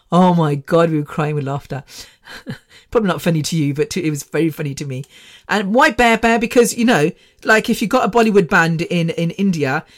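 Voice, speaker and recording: A woman in her fifties hosting a podcast, telling a story in a rambling, chatty way with frequent laughter and the odd swear word. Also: fairly low pitch. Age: 50s. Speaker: podcast host. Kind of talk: casual storytelling.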